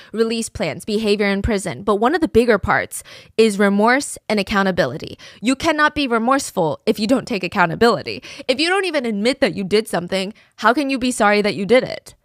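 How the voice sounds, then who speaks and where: A woman's voice: medium pitch, no room sound, clean studio sound. A woman telling a true crime story in a casual, conversational way, with fillers like "like" and "I mean".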